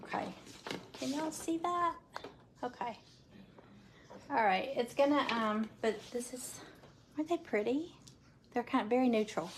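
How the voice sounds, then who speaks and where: A woman with a slightly high voice talks casually to her viewers while she crafts, calling them "y'all" and narrating each step as her hands work. She is recorded on a phone or camera at home, with a faint hiss in the background. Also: expressive, a little slow, long pauses. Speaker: craft live-stream presenter. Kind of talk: casual live craft demo.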